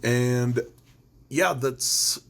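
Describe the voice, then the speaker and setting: A man's voice: medium pitch, drawn-out words, vocal fry. A man hosting a podcast, running down upcoming gigs in a laid-back, profane, chatty way. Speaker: podcast host. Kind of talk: casual show-roundup chat.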